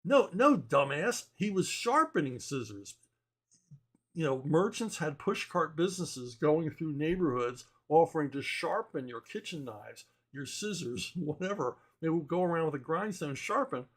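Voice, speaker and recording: A man's voice: a little high, animated, moderate pace. A man who writes comic books, chatting casually and answering viewer questions in a rambling, blunt and wry way, chuckling often. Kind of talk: casual opinionated chat.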